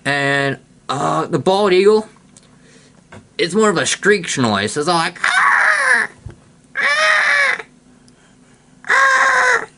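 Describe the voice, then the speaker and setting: A man's voice: a little high, expressive, slow pace, fairly bright tone, slight background noise. A man, a pastor, chatting casually over a video call, rambling and breaking into squawking bird imitations.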